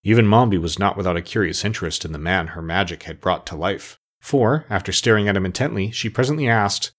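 Husky, low-voiced male storyteller. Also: a little fast. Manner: expressive, storytelling. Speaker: narrator. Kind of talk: audiobook narration.

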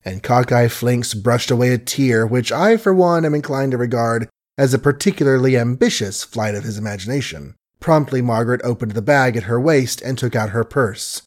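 A man reading a novel aloud in measured, wry narration, with asides to the listener. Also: medium pitch, darkish tone. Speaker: audiobook narrator. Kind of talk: scripted literary narration.

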